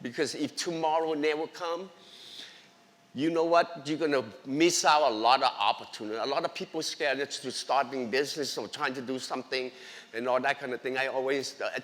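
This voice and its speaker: A man's voice: on the high side, a bit bright. A man giving an earnest, emotional personal faith testimony in a church, speaking English with non-native grammar. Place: church sanctuary. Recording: long reverb of a large hall.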